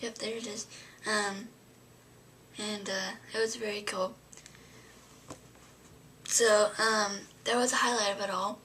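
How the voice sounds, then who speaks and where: A woman's voice: mid-range voice, steady tone, takes it slowly, pauses often, pushed and bright, a little hiss or hum. A young adult woman vlogging, telling a story to camera in a rambling way, full of fillers and often dropping to a whisper.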